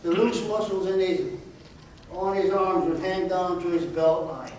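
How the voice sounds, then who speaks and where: A man's voice: sits high, steady tone, a little slow, a little mellow. A man in his eighties giving an earnest storytelling talk to a college audience, pressing his point with repeated rhetorical questions. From United States. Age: 80s. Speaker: guest speaker. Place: college auditorium. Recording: echoey hall from far off, faint noise.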